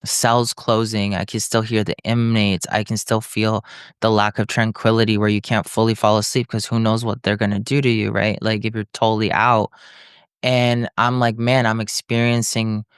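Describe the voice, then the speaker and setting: Young man, animated storyteller, smooth voice, dry room. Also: on the low side, moderate pace, no echo. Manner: animated storytelling, acting out other people's lines, frequent "like". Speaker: podcast guest. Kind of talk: storytelling in conversation.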